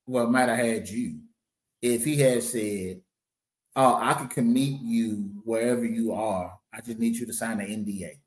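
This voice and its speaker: A man's voice: mid-range voice, moderate pace. A man in casual podcast chat, laid-back and conversational, repeating phrases for emphasis.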